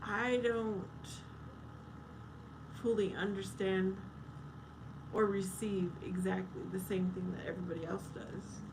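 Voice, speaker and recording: A woman's voice: mid-range voice, level tone, unhurried, long pauses, background noise. A woman live streaming in casual chat, reading viewer comments aloud and answering them. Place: outdoors at night.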